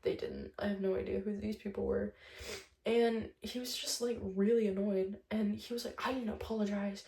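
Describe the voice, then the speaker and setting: A woman's voice: mid-range voice, fairly even intonation, moderate pace, gravelly, warm tone, reverberant. A young woman vlogger telling a breakup story in a chatty, casual monologue, swearing often and retelling conversations line by line.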